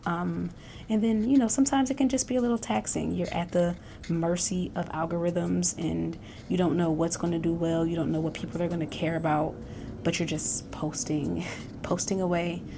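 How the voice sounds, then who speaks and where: A woman vlogger chats casually in a lowish, gravelly voice, circling back on her words with fillers and restarts. Faint noise sits under the recording. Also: fairly even intonation, normal speed. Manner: chatty, self-reflective, many fillers and restarts, laughs often. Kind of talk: casual reflective chat.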